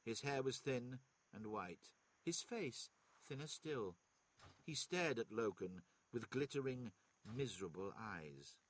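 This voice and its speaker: Norwegian man, second-language reader, steady narration, husky. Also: medium pitch, slow. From Norway. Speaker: streamer reading aloud. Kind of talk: reading a novel aloud.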